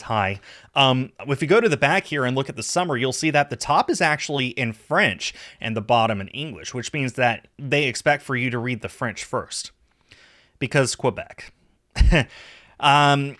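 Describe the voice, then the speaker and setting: An American man hosting his own collector video, talking in a casual, rambling way with lively jumps in pitch. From United States. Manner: rambling, chatty, animated pitch swings. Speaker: video host.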